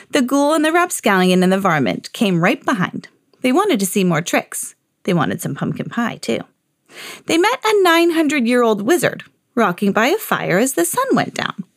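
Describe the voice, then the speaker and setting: A woman reading a children's picture book aloud on her podcast in an expressive, sing-song storytelling way. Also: fairly high pitch, no room sound, studio quality.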